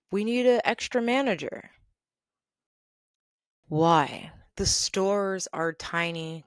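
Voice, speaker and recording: A woman hosting a podcast, telling a workplace story in an animated, exasperated way and laughing now and then. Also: fairly low pitch, smooth, no room sound, studio quality. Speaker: podcast host. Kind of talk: storytelling rant.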